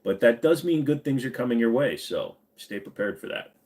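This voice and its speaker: A man's voice: medium pitch, animated, normal speed, a little mellow. A man hosting a live stream, chatting casually with viewers in a rambling, joking and profane way.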